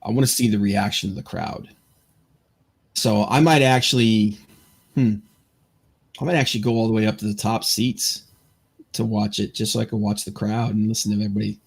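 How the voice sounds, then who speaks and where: A man's voice: lowish voice, fairly even intonation, a little fast, vocal fry, pauses often, husky. A man hosting a podcast in casual chat, rambling and stammering through lots of fillers. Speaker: podcast host.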